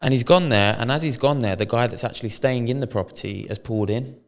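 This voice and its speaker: A man's voice: medium pitch, fast, in a large hall. A British man co-hosting a podcast, telling a story in casual chat full of slang and swearing. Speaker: podcast co-host.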